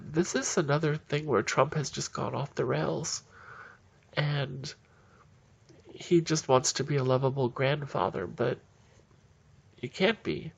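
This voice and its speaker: A man's voice: mid-range voice, vocal fry, slightly rough. A man giving heated, indignant solo political commentary in a ranting manner.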